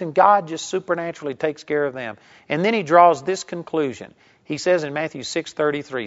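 A man's voice: on the high side, a bit bright, dull audio. A man preaching a sermon for radio with an emphatic, repetitive cadence.

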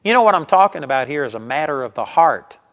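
Male preacher, radio sermon, emphatic repeated phrases, slightly high voice, muffled audio. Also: very animated, quick pace, a bit bright. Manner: emphatic, repetitive preaching cadence.

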